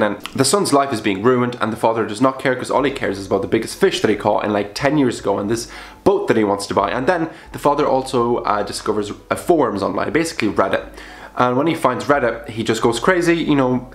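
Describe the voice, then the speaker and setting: A young man chatting casually about films he watched, bluntly and with sudden jumps up in pitch for emphasis. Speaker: film vlogger. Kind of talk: casual film review vlog. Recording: roomy echo.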